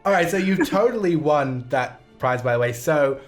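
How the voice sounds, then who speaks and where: Interview host, relaxed, rambling, lots of "like" and "um", mid pitch, faint music behind. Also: normal speed. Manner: relaxed, rambling, filler-heavy. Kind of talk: casual interview chat.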